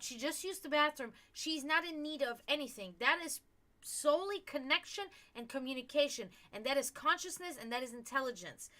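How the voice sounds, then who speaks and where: A woman hosting a psychic livestream, talking casually in an animated, rambling, earnest way with many fillers. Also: high voice. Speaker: livestream host and psychic reader.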